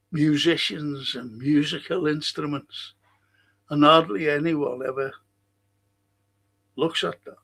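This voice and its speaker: A middle-aged man hosts a casual podcast, reading viewer comments aloud. His voice is fairly high and gravelly. He rambles and restarts his sentences often. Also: a bit bright. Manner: chatty, rambling, frequent restarts and fillers. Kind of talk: casual livestream chat.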